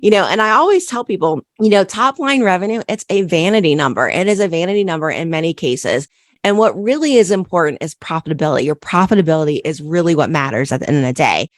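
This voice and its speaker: A woman's voice: on the low side, expressive, quick pace, dry recording. Woman coaching entrepreneurs, dry close sound. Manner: coaching, repeats key questions, frequent "right?". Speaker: podcast host, accountant. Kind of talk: solo business podcast monologue.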